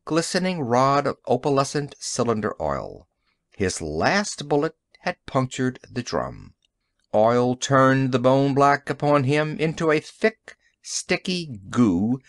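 A man narrating a science fiction story in an audiobook, with an expressive storytelling delivery. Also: mid-range voice, no echo.

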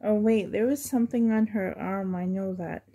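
A woman's voice: mid-range voice, moderate pace, mellow. A woman vlogging as she unboxes a reborn doll, gushing fondly and often dropping to half-whispered asides. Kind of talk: unboxing vlog chat.

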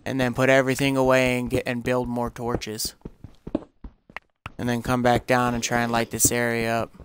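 A man's voice: mid-range voice, monotone, moderate pace, noisy background. A man giving casual, rambling commentary over his own gameplay, often searching for words and exclaiming when things go wrong. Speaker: gameplay streamer.

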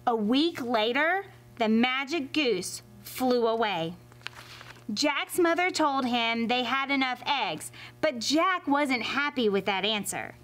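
A woman reading a fairy tale aloud to children as a library storyteller, expressive and animated. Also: high voice. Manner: expressive and animated, addressing kids.

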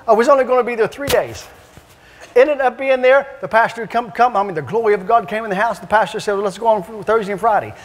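A man evangelist preaching and telling stories in an animated, repetitive, emphatic way in a church. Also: very high-pitched, fast. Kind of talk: preaching with storytelling. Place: church sanctuary. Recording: long church-hall reverb.

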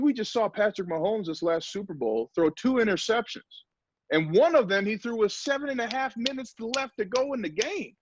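A man's voice: high voice, slightly rough, no room sound. Emphatic man giving a motivational talk. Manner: energetic, emphatic, acts out quotes. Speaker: former pro football player, guest speaker. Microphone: video call. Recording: dull lo-fi video call audio.

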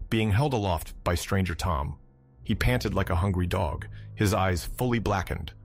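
A man with a very deep, low voice reads a horror story aloud in a measured, dramatic way. Faint music plays softly behind his narration.

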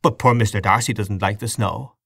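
A man voicing a brisk, fussing elderly aunt in a storybook reading. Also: on the low side, fairly even intonation, gravelly, a bit bright, husky, dry recording, clean studio sound, full character voice.

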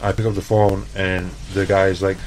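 A man's voice: sits low, level tone, normal speed, darkish tone, slight background noise, poor audio. A man from El Paso, a chef guest telling laid-back, profane stories in a casual interview. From El Paso, Texas.

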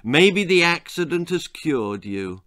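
A man voicing a hopeful, fussing mother who speaks in a bright, gushing way. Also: mid-range voice, very animated, measured pace. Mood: overjoyed.

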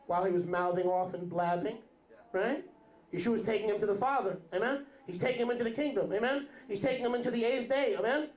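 A man's voice: high voice, fast. A man teaching as a rabbi in a sermon, joking and asking his congregation questions. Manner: joking, conversational, asks the audience questions. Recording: roomy hall.

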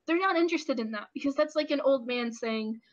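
A woman in her twenties giving casual, animated opinion commentary with lots of ums and restarts. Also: high-pitched, brisk. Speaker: YouTube commentator. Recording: lo-fi dull audio.

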